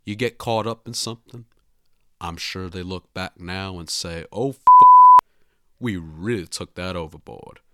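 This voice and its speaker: A man putting on a drawling Southern detective voice, a grown gentleman sleuth who is sly and indignant. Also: low voice, unhurried, noisy background. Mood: measured.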